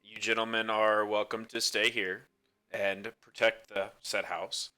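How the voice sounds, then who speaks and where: A man's voice: lowish voice, little pitch movement, measured pace, sharp tone. A man playing a tabletop game who speaks in character as a lord, assured and courteous. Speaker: player.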